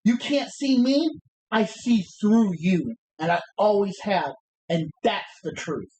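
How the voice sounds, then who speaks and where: A woman's voice: medium pitch, animated, slow pace, dark tone, slight background noise, rough recording. A woman re-enacting a brash male pro wrestler's defiant promo on a livestream, taunting and cocky, tripping over the words as she recites them.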